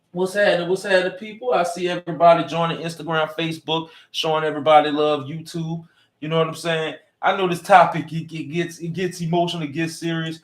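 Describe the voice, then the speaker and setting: A man's voice: fairly high pitch, echoey room. A man hosting a radio comedy show, talking in a motivational, preachy and playful way. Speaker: radio host.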